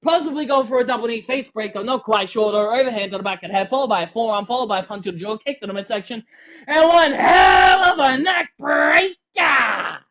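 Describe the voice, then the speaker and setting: Excitable play-by-play wrestling commentator. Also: mid-range voice, very fast, hardly any pauses, highs cut off. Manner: excitable, shouting on big moves.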